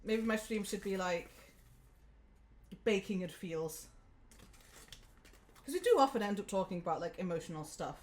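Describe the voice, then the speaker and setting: A woman's voice: mid-range voice, lively intonation, moderate pace, pauses often, darkish tone, a little hiss or hum. A woman hosting a live cooking stream from her home kitchen, chatting casually and giggling as she talks through each step.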